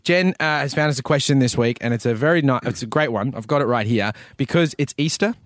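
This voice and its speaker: A man's voice: medium pitch, quick pace, no room sound. A man co-hosting a casual comedy podcast in a studio, chatty, laughing often and trailing off mid-sentence. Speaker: podcast co-host.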